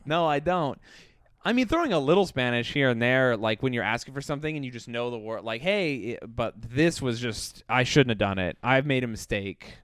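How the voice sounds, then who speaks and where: A man co-hosting a podcast in casual chat, telling stories in an animated way with lots of laughing and swearing. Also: mid-range voice, a little fast, hardly any pauses, clean tone, dry recording, studio quality. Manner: animated storytelling, laughing often, swearing freely. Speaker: podcast co-host.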